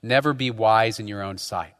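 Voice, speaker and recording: A man's voice: lowish voice, normal speed, a bit bright, long reverb tail. A man preaching a sermon as pastor, talking conversationally and often tagging his points with rhetorical questions. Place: church.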